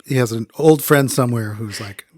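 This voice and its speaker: A man's voice: medium pitch, a little fast, dry recording. Man, podcast guest, laid-back, short agreeing replies, dry close sound. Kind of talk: casual chat.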